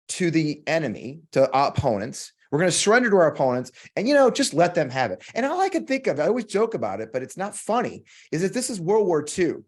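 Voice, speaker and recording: A man's voice: a little high, slightly rough. An American man hosting a podcast, in a heated political monologue, swearing often and repeating lines for emphasis. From United States. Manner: emphatic, preacherly build-ups. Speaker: podcast host.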